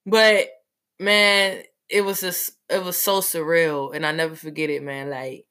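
A woman telling a personal story in a casual, animated way, full of fillers. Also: low voice, a little slow.

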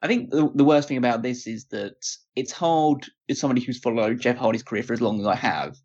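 A man co-hosting a casual chat show, picking his words slowly and often starting over. His voice sits at an ordinary middle pitch. The audio is dull and lo-fi. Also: a little mellow, breathy edge. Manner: hesitant, restarts often, measured opinions. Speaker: podcast co-host. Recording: dull lo-fi sound.

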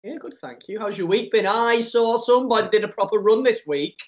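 A man co-hosting a light-hearted podcast, playful and teasing, quick to laugh. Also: high-pitched. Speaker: podcast co-host.

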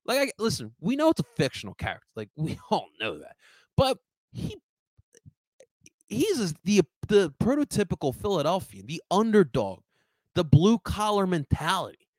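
A man's voice: high-pitched, moderate pace, dry recording. Fired-up young man hosting sports talk. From first-generation American. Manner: excitable, swearing, fired up.

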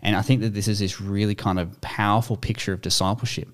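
Deep-voiced man, thoughtful and methodical, for a scripture discussion. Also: little pitch movement, fast. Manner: thoughtful, reads verses aloud, builds points step by step. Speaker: bible study co-host. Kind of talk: casual bible discussion.

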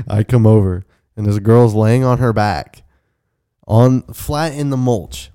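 A man's voice: fairly low pitch, slow, mellow, clear, resonant tone. A young man co-hosting a podcast, telling a crude story in casual chat with frequent laughs. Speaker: podcast co-host.

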